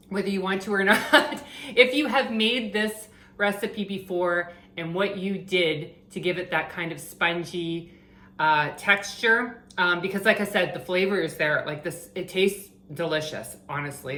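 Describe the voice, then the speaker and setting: A woman chatting casually while cooking in her home kitchen, thinking out loud and poking fun at herself, with a pan sizzling behind her. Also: on the low side, reverberant. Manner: chatty, self-deprecating, thinks aloud. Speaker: vegan cooking vlogger. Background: frying and sizzling from the pan.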